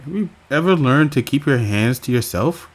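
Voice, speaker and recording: A man giving profane reaction commentary, crude and incredulous, with loud outbursts. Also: medium pitch, lively intonation, normal speed.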